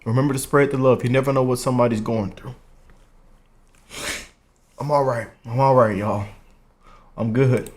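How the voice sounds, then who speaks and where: A man's voice: mid-range voice, steady tone, moderate pace, pauses often. A man hosting a reaction channel, speaking in a heartfelt, emotional way and often adding "man" and "y'all". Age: 20s.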